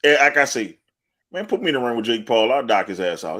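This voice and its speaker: Speaking fairly quickly in a mid-range voice, this sports podcast co-host brags in a casual way. His stories are animated, punctuated by laughs and profanity.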